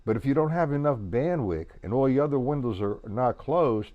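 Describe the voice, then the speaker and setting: A man gives a casual, repetitive drum lesson on a live stream, counting beats aloud while playing and repeating his words. His medium-pitched voice has lively intonation and normal speed, but the audio is dull and the drums are loud behind him.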